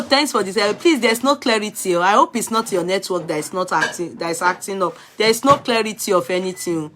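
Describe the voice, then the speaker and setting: A woman's voice: mid-range voice, fairly bright tone, slight background noise. A woman with a Yoruba-inflected Nigerian accent, chatting casually on a live stream and answering viewers' comments bluntly. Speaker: vlogger reviewing films.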